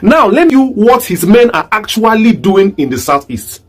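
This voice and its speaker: A man's voice: high voice, sing-song, moderate pace, faint music behind. A man from southeast Nigeria with a Nigerian accent, giving an online commentary monologue full of rhetorical, repeated questions. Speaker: political commentator.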